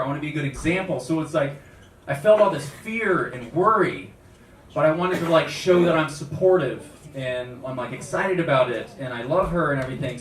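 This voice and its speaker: A young male stand-up comic with a slightly raised voice, animated and acting out the people in his stories. He is picked up from a distance in a roomy club, with loud noise under everything. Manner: animated, acts out quoted voices, jumps high for punchlines. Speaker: stand-up comedian. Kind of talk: stand-up comedy set. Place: comedy club stage. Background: audience laughter.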